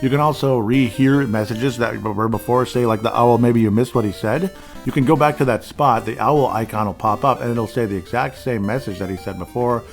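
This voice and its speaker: A man's voice: medium pitch, a little fast, soft background music. A man hosting a casual game walkthrough, rambling along as he plays and chuckling often at his own mistakes. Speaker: host.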